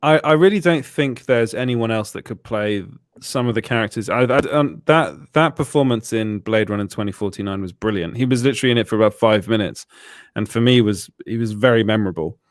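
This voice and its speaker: A man's voice: lowish voice, fairly quick, no echo, clean studio sound. A British man hosting a casual podcast chat, chatty and laughing often at himself. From Britain. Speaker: host.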